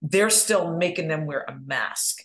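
A woman's voice: low-pitched, lively intonation, measured pace. A middle-aged woman from New York, a podcast guest who chats casually, laughs often and tells stories with animation. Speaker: podcast guest, real estate agent. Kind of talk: casual chat.

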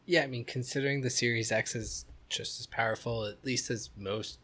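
A man's voice: mid-range voice, steady tone, moderate pace, bright, forceful tone. A man in his thirties co-hosting a casual gaming podcast, rambling and joking with many restarts. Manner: rambling, self-correcting, joking. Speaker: podcast co-host. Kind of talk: casual chat.

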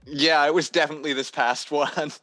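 A man who makes toys, a guest on a casual podcast, telling stories in an animated, theatrical way. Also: a little high, brisk, faint music behind. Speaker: toy maker guest.

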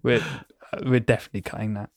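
A man's voice: fairly low pitch, little pitch movement, quick pace, no room sound, clean studio sound. A man co-hosting a podcast, chatting casually in a jokey, self-mocking way. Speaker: podcast co-host. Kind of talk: casual chat.

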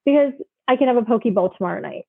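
A woman speaks as a podcast guest, her voice coming through a thin, tinny phone line with no room sound at all. She talks earnestly and gives gentle advice in conversation. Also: on the high side, expressive, fast, vocal fry, breathy edge, dry recording.

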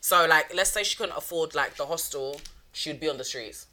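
A woman co-hosting a casual true-crime podcast, chatty and quick to laugh, with lots of "like" and "um". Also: deep voice, sharp tone. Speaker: podcast co-host.

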